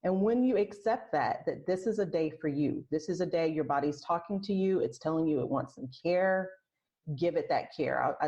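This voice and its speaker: A woman talking as a podcast guest in casual interview chat, soft and reflective, often restarting her sentences. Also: lowish voice. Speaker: podcast guest, aromatherapist and health coach. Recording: lo-fi muffled sound.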